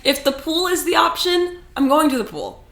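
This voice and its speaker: A young woman from California co-hosting a podcast, chatting casually with an animated, expressive manner and frequent swearing. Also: high-pitched, moderate pace, vocal fry, reverberant. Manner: animated, swearing, laughing often. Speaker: podcast co-host. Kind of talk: casual chat.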